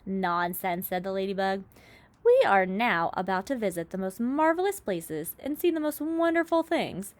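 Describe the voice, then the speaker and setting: A woman doing a gentle, motherly ladybug. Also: mid-range voice, expressive, normal speed, natural voice. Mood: kindly. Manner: warm, reassuring.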